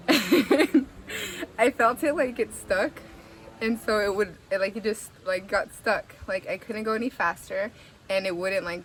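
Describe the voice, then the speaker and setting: A young woman from the San Francisco Bay Area tells a story in a chatty, animated way, packed with "like" fillers, swearing, and laughter along the way. Her voice is mid-range, and there's a little hiss or hum.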